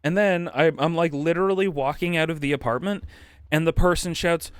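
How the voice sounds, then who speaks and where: A man's voice: fairly high pitch, a little fast, smooth, dry recording. A man streaming, telling a rambling, profane anecdote in casual chat and acting out quotes. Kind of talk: casual storytelling on a livestream.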